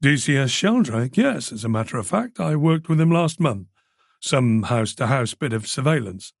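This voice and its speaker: A man doing a gruff veteran male detective from an audiobook, blunt and dry. The voice sits lower than the narration and has a gravelly edge, recorded close and dry. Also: big pitch swings, normal speed, dry recording.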